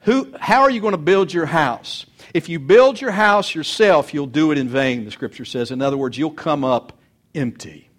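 A middle-aged pastor preaching a sermon, earnest, swinging between loud urging and soft confiding. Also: male voice, a little high, expressive, normal speed.

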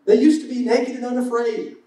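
A high-voiced man preaches in a loose, joking way, slipping into quick acted-out asides. His voice rings around a roomy church space and sits a little back from the mic. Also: steady tone, warm tone, far from the mic. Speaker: pastor. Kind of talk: sermon.

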